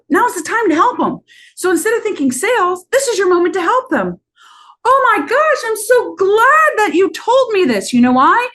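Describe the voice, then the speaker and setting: A woman business coach on a podcast, talking in a lively way and acting out bits of sales talk. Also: very high-pitched. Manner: animated, acts out sales talk.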